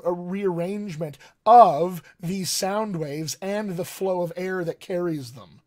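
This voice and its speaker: Chatty man teaching voice, higher pitch. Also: darkish tone. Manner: conversational, addresses viewers directly, frequent ums. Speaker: dialect coach. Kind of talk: live-streamed voice lesson. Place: home studio desk.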